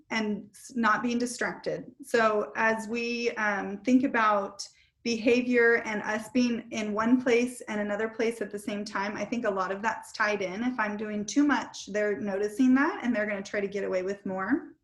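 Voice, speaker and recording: A woman in her thirties shares homeschooling advice over a video call. She talks candidly and pokes fun at herself, with plenty of fillers, and her fairly high voice rings in an echoey room. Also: moderate pace, fairly bright tone. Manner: candid and self-deprecating, many fillers. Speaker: homeschooling mom giving advice.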